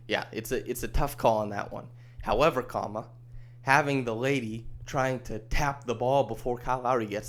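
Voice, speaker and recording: A man's voice: mid-range voice, fairly even intonation, moderate pace. A man hosting a solo sports podcast, talking in a chatty, wry, easygoing way. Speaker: podcast host. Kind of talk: casual solo podcast commentary.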